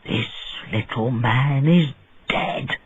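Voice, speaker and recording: A man's voice: medium pitch, takes it slowly, breathy edge, highs cut off, voice pushed down. A man doing a hot-tempered old bird seller. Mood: fearful. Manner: shouting angrily, then pleading.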